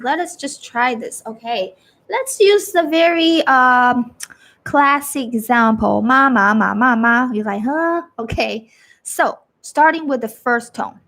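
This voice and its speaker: A woman with a fairly high voice teaches Mandarin over a live stream. She speaks in an unhurried way, stretching out the tones and repeating each example so viewers can follow. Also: a bit bright. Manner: demonstrates tones by sliding her voice up and down, repeats phrases slowly. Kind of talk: live-streamed language lesson.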